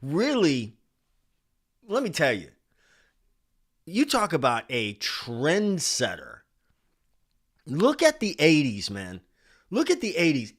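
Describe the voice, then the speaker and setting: A man in his forties hosting a casual livestream, reading chat names aloud in an animated way. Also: mid-range voice. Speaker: livestream host.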